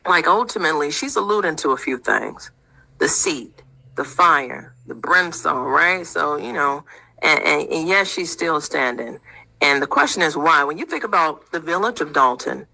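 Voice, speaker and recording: A woman's voice: low voice, expressive, moderate pace, gravelly, sharp tone, rough recording. A woman interviewing a guest on the radio, building her points with emphatic rhetorical questions.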